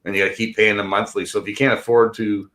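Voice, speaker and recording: A man's voice: lowish voice, flat delivery, fast, fairly bright tone. A man ranting bluntly and angrily in a casual chat, swearing constantly. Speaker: podcast co-host.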